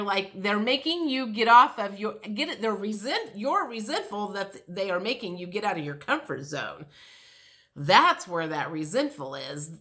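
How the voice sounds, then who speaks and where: A woman's voice: medium pitch, bright, forceful tone. A middle-aged woman giving a casual, rambling tarot reading, frank and swearing, with many restarts and fillers. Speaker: tarot reader.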